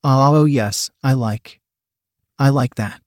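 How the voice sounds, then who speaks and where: A man's voice: mid-range voice, slow, no echo, clean studio sound, lightly acted. A man voicing a shy young nurse assistant who pleads breathlessly. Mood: pleading.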